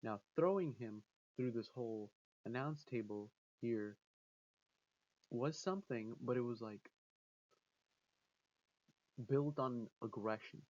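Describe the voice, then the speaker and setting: A man's voice: medium pitch, slow pace, long pauses, a little mellow, highs cut off. A man giving casual spoken commentary as a vlogger, rambling with restarts and acting out quotes.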